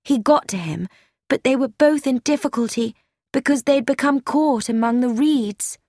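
A woman's voice: sits high, moderate pace, darkish tone, dry recording, studio quality. A woman reading as a young woman confiding in a letter. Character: young woman writing an anxious, chatty letter. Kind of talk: scripted narration.

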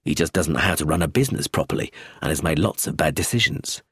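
A man reading a storybook, voicing a calm male police inspector who explains things in a measured, matter-of-fact way. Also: a bass voice, slightly rough, no room sound, clean studio sound, pitched below the performer's own voice, full character voice.

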